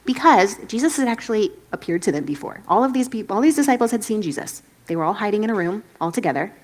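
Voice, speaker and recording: A woman's voice: mid-range voice, expressive, fast. A woman pastor giving a casual sermon, chatty and self-deprecating, laughing often and acting out the quotes. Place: church stage.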